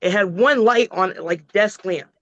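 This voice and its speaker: A middle-aged woman, a wrestler, telling a long story in a casual, profane, animated way. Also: medium pitch, normal speed, no room sound, muffled recording. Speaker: wrestling guest.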